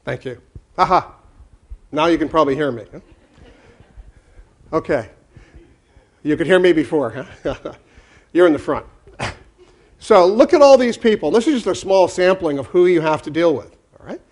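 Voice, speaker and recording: A man giving a conversational conference talk on leadership to a live audience, energetic and full of questions. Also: on the high side, moderate pace, pauses often. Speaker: speaker on leadership.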